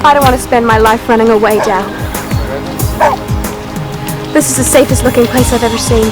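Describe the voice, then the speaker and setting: Actress playing a high, lively young woman fleeing, TV clip drowned in music. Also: moderate pace, close to an everyday voice. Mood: urgent. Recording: TV clip under loud music.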